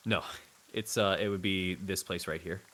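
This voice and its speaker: Low-voiced man narrating as game master. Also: steady tone, moderate pace, a bit bright, poor audio. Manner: rambling, hesitant scene description.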